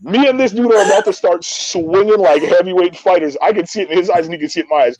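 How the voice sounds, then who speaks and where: A man telling a story in casual talk, animated and profane, often repeating his words. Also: high-pitched, fast talker, no echo, low-quality recording.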